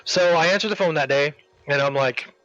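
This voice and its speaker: A man telling a long workplace story in casual chat while streaming a game, rambling and animated, acting out the people he quotes. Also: on the high side, a little fast, no echo, lo-fi sound.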